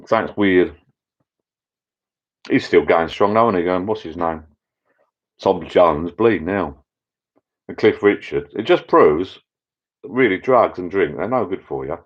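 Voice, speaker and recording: A middle-aged man hosting a casual live chat with viewers from his backyard pub shed, rambling and getting easily excited. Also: sits low, measured pace, pauses often. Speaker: channel host. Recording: dull lo-fi sound.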